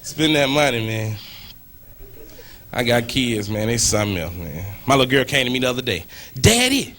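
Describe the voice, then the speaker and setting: A man performing a stand-up comedy set on a club stage, shouting his punchlines and acting out the people in his stories. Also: mid-range voice, normal speed. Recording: live club recording, loud crowd and noise. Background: loud audience laughter.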